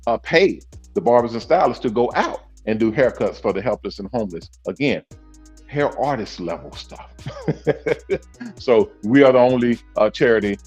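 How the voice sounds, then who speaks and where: A man's voice: mid-range voice, lively intonation, moderate pace, a little mellow, slightly rough, highs cut off, soft background music. A man hosting a casual livestream from on the move, talking emphatically and repeating his points. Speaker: host, owner of a salon network. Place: mobile, in a vehicle.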